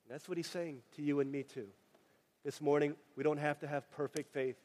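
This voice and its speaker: High-voiced preacher in an echoing hall. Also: male voice, brisk. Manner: animated, joking asides, acts out quoted voices. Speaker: pastor. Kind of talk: sermon. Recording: long hall reverb.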